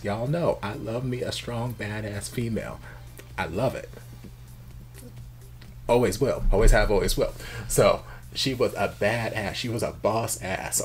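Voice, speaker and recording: A man giving casual, animated reaction commentary as a video host. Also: on the low side. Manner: animated, chatty, emphatic.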